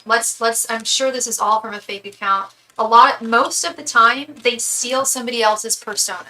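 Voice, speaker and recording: A woman's voice: mid-range voice, pushed and bright, slight background noise, low-quality recording. A young woman doing a live tarot reading, chatty and candid, swearing freely and restarting her sentences often. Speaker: tarot reader.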